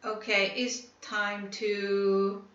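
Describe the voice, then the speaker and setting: A woman teaching an online English class in a slow, patient way, repeating each word and asking whether the students follow. Her voice is bright and fairly high. The recording is muffled and echoes around the room. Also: level tone. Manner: slow, repetitive, checking understanding.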